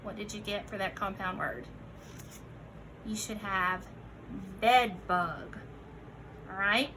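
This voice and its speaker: A young woman teacher leading a recorded phonics lesson for children, giving slow, clearly enunciated prompts and calling her listeners friends. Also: medium pitch, level tone, pushed and bright, slight background noise, low-quality recording. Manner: encouraging, addresses listeners as friends.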